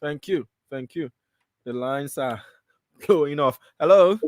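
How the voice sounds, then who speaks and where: Brisk man hosting call-in radio. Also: a little high, a little mellow, no room sound. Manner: brisk, repeats short prompts to callers. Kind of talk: taking calls on live radio.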